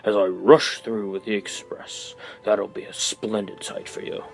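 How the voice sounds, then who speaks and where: Guy doing a big proud boasty storybook train engine, kinda low, grumbles slow and cross. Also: level tone, creaky, faint music behind. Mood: boastful.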